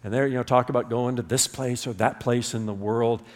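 A man's voice: mid-range voice, steady tone, brisk, in a large hall. A man preaching a sermon as pastor, emphatic, drawing his congregation into call-and-response. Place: church sanctuary.

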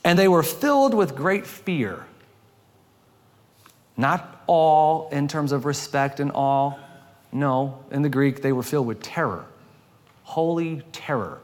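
A man preaches a sermon from the pulpit with a fairly high voice. He rises for emphasis and drops low and quiet for quoted lines. A long reverb trails off each phrase, as in a large hall. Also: expressive, slow, long pauses. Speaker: pastor.

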